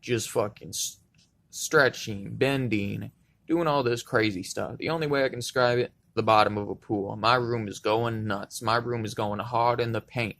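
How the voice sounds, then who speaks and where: A man's voice: mid-range voice, moderate pace, fairly bright tone. A young man telling a laid-back, profanity-filled personal story in a casual, rambling way. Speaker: vlogger.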